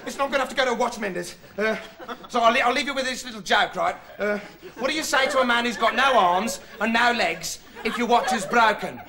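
An actor playing a rambling, excitable young male investigative reporter in a TV comedy monologue, digressing and bursting into shouts. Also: extremely high pitch, brisk. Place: TV studio with live audience. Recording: old TV broadcast, loud studio laughter and noise.

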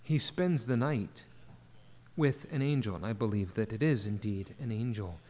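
A man's voice: fairly low pitch, normal speed, warm tone, a little hiss or hum. A man preaching an earnest sermon at a church prayer meeting, rising to emphatic peaks. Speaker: pastor. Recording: church sanctuary with long reverb.

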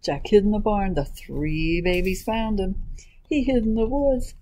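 Woman librarian, storytime reading, very slow, mellow, animated, faint noise. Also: medium pitch, rough recording. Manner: animated, asks the listeners questions. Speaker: children's librarian. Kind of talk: reading a picture book to children.

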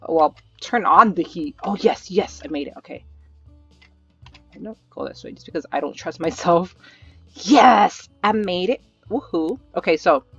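A gaming channel host gives live commentary on his gameplay, cheering and pleading at the screen in a medium-pitched voice. His talk is excitable and nervous, full of self-directed, repeated urging. The recording is a bit dull and lo-fi with no echo, and faint music plays underneath.

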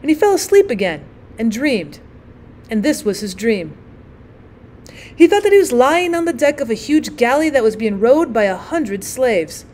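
A woman reading a classic story aloud as a teacher, in a measured and expressive way. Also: a little high. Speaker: teacher and narrator.

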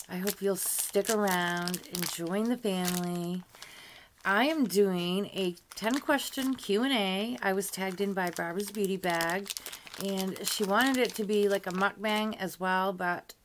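A woman's voice: mid-range voice, measured pace, background noise. An older woman chatting casually to camera as a beauty vlogger, rambling along with frequent asides. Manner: chatty and rambling, with frequent "you know" asides and light laughs.

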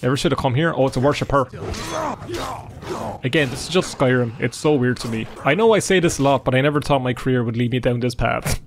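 A man's voice: medium pitch, fast. A man giving joking, sarcastic gameplay commentary. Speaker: gaming YouTuber.

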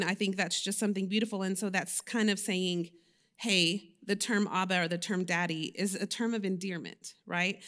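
In a church, a woman serving as lay preacher delivers an intimate, chatty sermon, confessing candidly while stumbling through fillers and fixing her own words. Her voice is mid-range and fairly bright in tone.

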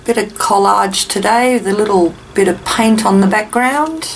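A woman's voice: mid-range voice, normal speed, gravelly. A woman hosting a craft video, chatting casually and thinking aloud as she works, a little self-deprecating. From Australia. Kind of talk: casual chat while crafting. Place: home craft room with ceiling fan running. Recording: distant mic, faint fan noise.

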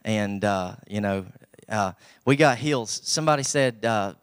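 Appalachian preacher with a low voice. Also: male voice, a little slow, smooth, no echo, clean studio sound. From Southwest Virginia. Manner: folksy, humble, rising to emphatic bursts. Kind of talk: sermon.

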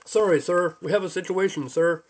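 A man's voice: sits high, moderate pace, voice pushed up. A man doing a nervous, stiff young corporal. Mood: tense. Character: nervous young male army corporal, overly formal.

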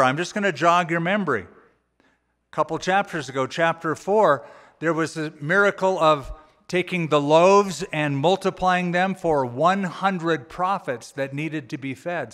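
Male pastor, sermon delivery, casual paraphrasing, slightly high voice, church hall with long reverb. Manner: conversational, folksy paraphrasing with animated quoted voices. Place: church auditorium.

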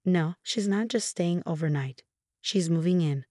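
A woman's voice: fairly low pitch, unhurried, a little mellow, no room sound, studio quality. A woman reading the lines of a dismissive young husband in a story, curt and stubborn.

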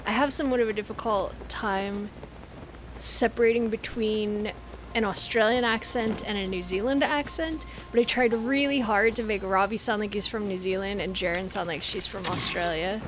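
An American woman chatting casually as she plays a game on a live stream, self-deprecating and quick to giggle. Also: medium pitch, steady tone, a little hiss or hum, rough recording. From United States. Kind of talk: casual gameplay commentary.

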